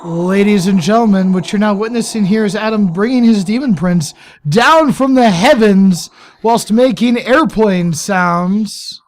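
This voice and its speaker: A man voicing a loud, theatrical mock sports announcer, slow and grand. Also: high voice, pitched above the performer's own voice.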